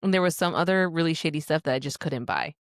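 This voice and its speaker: A young woman co-hosting a book podcast, chatting casually, animated and swearing freely as she reads reviews aloud. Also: deep voice, fast, no room sound, clean studio sound. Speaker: podcast co-host. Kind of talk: casual chat.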